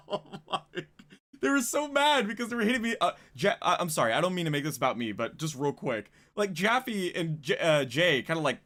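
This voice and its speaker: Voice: mid-range voice, big pitch swings, a little fast, fairly bright tone. A host of a live online interview show who talks casually, laughs a lot and stammers through flustered apologies.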